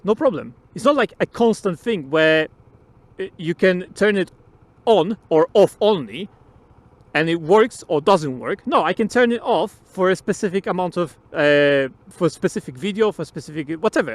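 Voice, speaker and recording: A man riding outdoors on a motorbike, giving his opinions in a rambling, casual way, swearing freely and laughing often. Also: high voice. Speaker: motovlogger.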